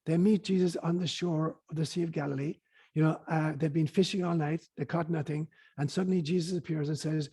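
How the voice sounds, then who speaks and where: Male guest, earnest storyteller, husky and a bit high. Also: steady tone, brisk, dark tone. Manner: earnest, hesitant fillers, storytelling. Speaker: guest speaker on spirituality. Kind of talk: reflective storytelling interview.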